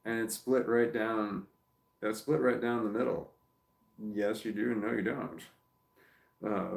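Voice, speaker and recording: A man's voice: on the low side, vocal fry, a little mellow. Rambling, swearing man in an echoey room. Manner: rambling, profane, lots of restarts. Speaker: vlogger. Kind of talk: casual rambling monologue. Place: home, with his dog. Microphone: phone.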